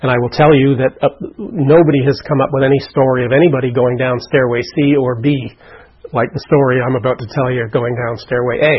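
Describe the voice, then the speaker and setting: A man's voice: mid-range voice, fairly even intonation, a little fast, slightly rough, highs cut off. A man recounting a personal story in an interview, in an earnest way, acting out what people said. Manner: earnest storytelling, acts out quotes. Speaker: interviewee, survivor.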